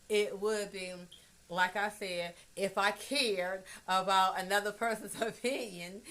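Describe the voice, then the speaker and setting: A woman musing in a casual monologue, blunt and profane, swinging from hushed asides to emphatic loud bursts. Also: medium pitch. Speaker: vlogger.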